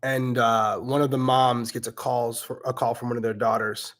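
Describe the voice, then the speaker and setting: A middle-aged man with a regional accent, a podcast host answering questions and telling animated stories, swearing casually. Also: mid-range voice, normal speed. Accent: regional accent, self-noted. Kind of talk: casual Q&A storytelling.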